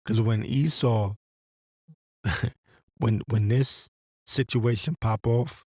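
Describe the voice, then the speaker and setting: Speaking slowly in a medium-pitched voice that's a little mellow with a breathy edge, a religious commentator rants profanely and rambles, pausing to read scripture aloud. The recording is studio quality and echo-free.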